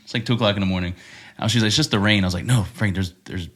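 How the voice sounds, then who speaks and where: Deep, bright-toned young man. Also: rapid-fire. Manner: laid-back, chiming in on a shared story. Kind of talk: casual chat.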